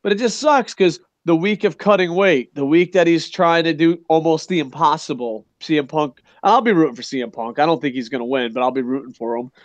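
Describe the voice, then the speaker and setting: A man hosting a casual wrestling chat show, talking in a rambling, excitable way and swearing often. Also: a little high, a little fast, few pauses, no room sound, highs cut off. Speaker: podcast host.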